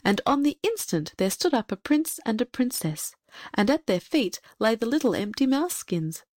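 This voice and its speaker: A woman reading a fairy tale aloud in a gentle, measured storybook narration. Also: fairly high pitch, big pitch swings, no room sound, clean studio sound. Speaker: audiobook reader.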